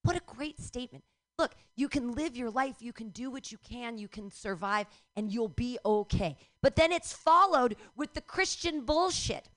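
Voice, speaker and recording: A middle-aged woman doing a stand-up set with a fairly high voice. She rants with a lot of swearing and often breaks into loud shouts. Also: lively intonation, moderate pace. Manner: profane, ranting, bursts into shouts. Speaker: stand-up comedian.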